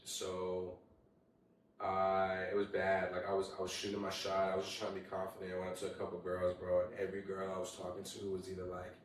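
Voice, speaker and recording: A young man hosting a casual solo podcast, telling animated stories with lots of swearing and acting out what people said. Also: low-pitched, fairly quick, far from the mic, a little hiss or hum. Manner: animated storytelling, heavy swearing, acts out quotes. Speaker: podcast host. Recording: very echoey room, voice away from mic.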